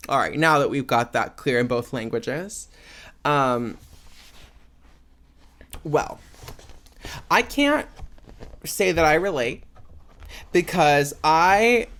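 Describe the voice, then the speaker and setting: A man's voice: fairly high pitch, a bit bright. A young man hosting a podcast on his own, talking in a rambling, casual way with lots of "like" and "um". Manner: chatty, rambling, many "like" and "um" fillers. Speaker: podcast host. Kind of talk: casual solo podcast chat.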